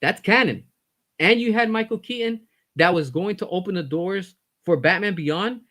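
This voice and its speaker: A man with a somewhat high voice delivers a heated, blunt rant. He swears freely and repeats phrases to drive his point home. His fed-up tone stays intense throughout. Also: moderate pace, bright, forceful tone. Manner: fired-up, blunt, swearing, repeats himself for emphasis. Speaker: commentary host.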